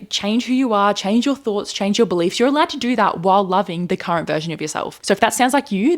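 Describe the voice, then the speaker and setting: Fast-talking young woman chatting. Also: mid-range voice. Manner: rambling and animated, lots of filler words and self-corrections. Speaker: podcast-style video host. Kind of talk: casual chatty monologue. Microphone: handheld microphone.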